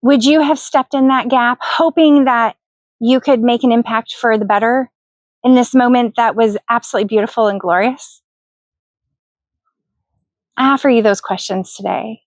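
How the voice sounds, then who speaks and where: A middle-aged woman tells a personal story straight to camera, earnest and reflective, and turns to ask the viewer questions. Her voice sits high, and the recording is close and dry with no room sound. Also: steady tone, normal speed, pauses often, dry recording. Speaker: vlogger sharing a personal story.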